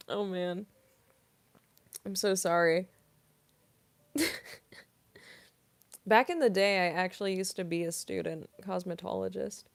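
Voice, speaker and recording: Young woman, laid-back streamer, unhurried, a little low, giggly and chatty. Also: steady tone. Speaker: voice actress, streamer. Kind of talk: casual livestream Q&A.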